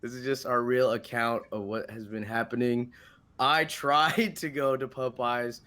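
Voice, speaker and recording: A man's voice: mid-range voice, fairly even intonation, measured pace, pushed and bright. A man co-hosting a podcast, chatting casually and dropping wry, teasing remarks. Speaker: podcast co-host. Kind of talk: casual chat.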